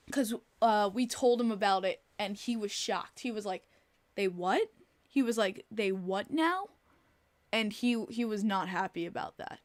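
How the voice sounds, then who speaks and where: A woman hosts a casual live-stream podcast from a close desk mic, and the sound is dry with no room around it. She talks bluntly and with a lot of animation, swears freely, and breaks off to answer her chat. Her voice sits at an ordinary middle pitch. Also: a bit bright, no echo. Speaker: podcast host.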